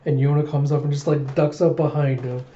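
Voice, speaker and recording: A man's voice: a little high, little pitch movement, a little fast, dark tone. A young man casually narrating a manga read-through, chatty and loose as he recaps. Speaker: manga reader, video host. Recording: dull roomy home recording.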